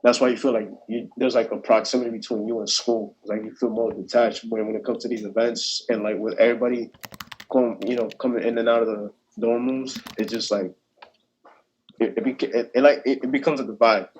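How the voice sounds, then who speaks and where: A man's voice: medium pitch, fairly even intonation, fairly quick, darkish tone, lo-fi sound, a little hiss or hum. A young man speaking as a student panelist in a casual discussion, hesitant and full of restarts, over a video call. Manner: hesitant, many restarts and fillers.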